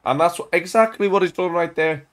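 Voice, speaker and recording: A young man casually commentating on his own football video game at home into a desk mic, full of banter and bursting into shouts when his team scores. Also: sits high, brisk. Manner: excitable, banter-filled, shouts at goals. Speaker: gaming YouTuber.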